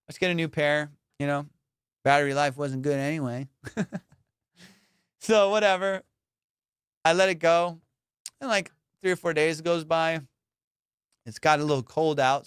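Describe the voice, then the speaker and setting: Animated high-voiced man telling a story. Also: normal speed, pauses often, clear, resonant tone, no room sound, studio quality. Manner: animated, swearing, laughing, jumps to loud high outbursts. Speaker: podcast host. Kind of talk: casual storytelling monologue.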